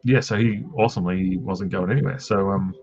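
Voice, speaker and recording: Gravelly, low-voiced Australian man rambling. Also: fairly even intonation, quick pace, darkish tone. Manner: rambling, self-deprecating storyteller. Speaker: streamer host drawing comics. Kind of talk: casual live-stream chat. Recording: dull lo-fi stream audio with faint music.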